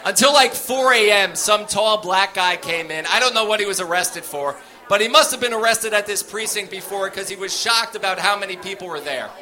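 Male stand-up comic, high bright voice, animated storyteller. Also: brisk. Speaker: stand-up comedian.

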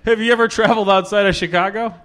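A man hosting a live comedy interview on stage, his voice sitting a touch high. He plays the straight man and keeps breaking into chuckles. His questions come in an easy, game-show tone. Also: fairly even intonation, quick pace, fairly bright tone. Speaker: host interviewing the guest.

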